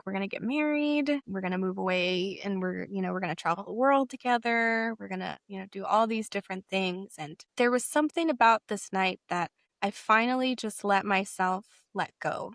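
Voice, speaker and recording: A young woman recounts her own story in a candid, reflective way, with plenty of casual fillers. Her voice sits at a middle pitch, and the recording is dry and close with no room sound. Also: a bit bright, dry recording. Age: young adult. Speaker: interview guest. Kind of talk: personal storytelling.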